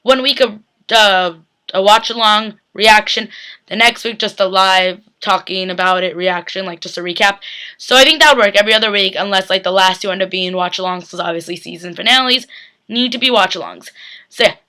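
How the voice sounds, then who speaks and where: A woman's voice: medium pitch, brisk, bright, forceful tone, clear, resonant tone. A young woman chatting casually into her webcam, recapping a TV episode with emphatic, filler-heavy talk. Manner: chatty, emphatic, lots of "like" and "literally". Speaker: YouTube TV reaction vlogger.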